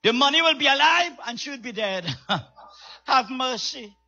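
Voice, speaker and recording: A raspy-voiced male preacher delivering an emphatic sermon, repeating lines and calling for amens. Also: very high voice, expressive, measured pace, bright, forceful tone, lo-fi sound, soft background music.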